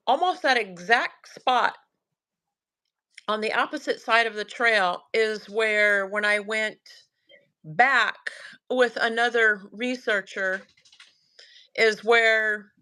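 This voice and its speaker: A woman with a Southern US accent, telling a story in casual chat and acting out the lines of her son and herself. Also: a little high. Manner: animated, quotes her son and herself, laughs often. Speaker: guest telling a sighting story.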